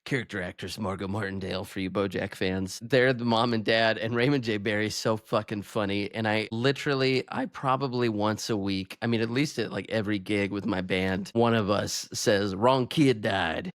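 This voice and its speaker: A man's voice: on the low side, steady tone, normal speed, few pauses, no room sound, clean studio sound. A young man co-hosting a podcast, chatting casually about a movie and acting out its lines, often laughing. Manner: laughs often, acts out quotes. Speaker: podcast co-host.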